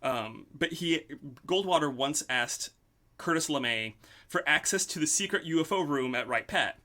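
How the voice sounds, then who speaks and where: Bright-voiced man telling a story. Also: a little high, expressive, normal speed. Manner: storytelling with many "um" and "like". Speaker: podcast host. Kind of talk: casual chat.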